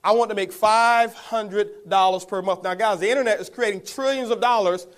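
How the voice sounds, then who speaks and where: A man's voice: high voice, moderate pace. A man giving a motivational talk, telling his story to the audience, calling them guys and chuckling as he goes. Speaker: network marketing speaker.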